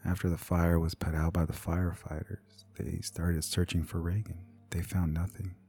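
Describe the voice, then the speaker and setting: A man narrating a scripted horror story in a hushed, half-whispered delivery. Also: deep voice, flat delivery, moderate pace, creaky, slightly rough.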